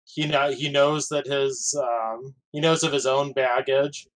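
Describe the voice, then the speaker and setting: Player guy, flat monotone, lots of ums and likes. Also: mid-range voice, measured pace, low-quality recording. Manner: hesitant, many fillers. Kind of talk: tabletop game play, casual.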